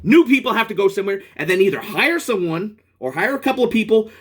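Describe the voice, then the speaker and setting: Male vlogger, fired-up profane rant, fairly high pitch with big swings. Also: animated, fast talker, slightly rough. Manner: angry, profane, rambling rant with restarts. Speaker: product reviewer. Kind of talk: ranting vlog.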